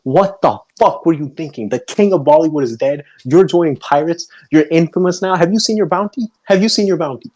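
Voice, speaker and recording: A man voicing a fierce, protective middle-aged mother who scolds in a rapid, swearing tirade during a tabletop role-play. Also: sits low, darkish tone, slightly rough, rough recording. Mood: furious scolding.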